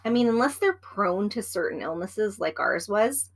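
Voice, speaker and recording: A chatty woman in casual conversation, with a middle-pitched voice. She rambles through stories, gives practical tips and teases her partner along the way. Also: expressive, normal speed. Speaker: podcast co-host. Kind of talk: casual chat.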